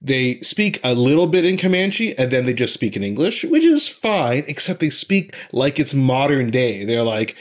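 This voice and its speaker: Chatty animated man, mid pitch. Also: moderate pace, few pauses. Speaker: podcast co-host. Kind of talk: casual chat.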